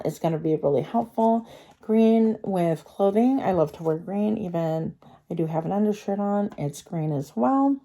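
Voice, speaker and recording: Chatty woman with a warm, mellow voice. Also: on the low side. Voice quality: slightly slurred speech from a retainer in her mouth. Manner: chatty, rambling, thinking aloud with many fillers. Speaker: tarot card reader. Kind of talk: pick-a-card tarot reading.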